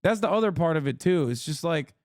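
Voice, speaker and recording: A man's voice: a little high, expressive, quick pace, no echo, clean studio sound. A man streamer giving heated political commentary, ranting with exasperation and heavy swearing. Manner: mocks others in put-on voices.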